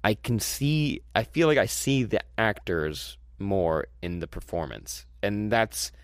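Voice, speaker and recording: A man with a slightly low voice co-hosts a casual movie review chat. He rambles enthusiastically, restarting his sentences as he goes. The sound is dry and close, with no room echo. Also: takes it slowly, clear, resonant tone. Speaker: movie review podcast host.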